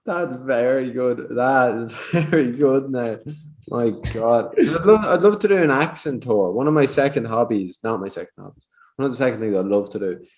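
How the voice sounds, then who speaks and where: A man's voice: medium pitch, moderate pace, darkish tone. A man hosting a podcast, chatting casually and laughing easily. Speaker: podcast host.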